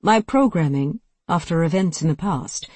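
A composed android science officer , as an audiobook narrator puts him on, speaking in measured, formal sentences. The pitch sits in a middle range, and the recording is dry and close. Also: lively intonation, a little mellow, husky, dry recording.

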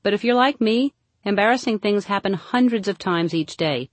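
A woman reading a humorous book aloud, mostly deadpan with sudden playful jumps into high emphasis. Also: moderate pace, dry recording. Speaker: narrator. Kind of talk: comic audiobook narration.

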